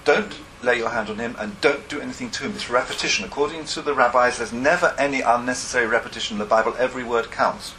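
Male lecturer, bright voice, discursive and self-correcting, faint background ambience. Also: medium pitch, fast, few pauses, a little hiss or hum, low-quality recording. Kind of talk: academic lecture.

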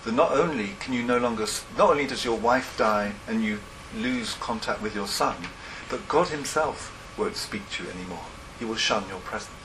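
A man's voice: on the low side, moderate pace, background noise. A man lecturing to a class, thinking aloud and often correcting himself mid-sentence. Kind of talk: academic lecture.

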